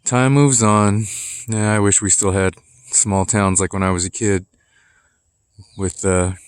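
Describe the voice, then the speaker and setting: A man in his forties talks into a phone camera as he walks outdoors through his neighborhood. His voice sits a little low, and he rambles in an easy, nostalgic way full of "uh"s and side remarks. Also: fairly even intonation, measured pace, clean tone, dry recording. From Texas. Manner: rambling, nostalgic and chatty with many fillers. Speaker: vlogger. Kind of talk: casual walking vlog. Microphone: phone camera held while walking.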